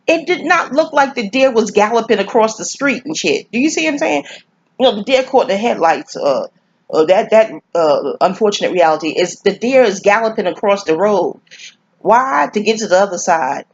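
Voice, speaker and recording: A groggy, sleepy woman from New York rambles through a movie review in a casual monologue, profane and full of digressions. Her voice is mid-range, husky and expressive at a normal speed. The recording is dry and slightly dull.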